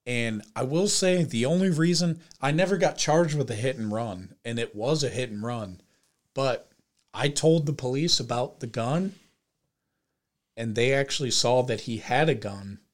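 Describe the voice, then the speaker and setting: A young man hosting a podcast, telling a story in casual chat with lots of swearing and loud acted-out quotes. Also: medium pitch, normal speed. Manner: animated, profane storytelling with shouted quoted voices. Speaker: podcast host.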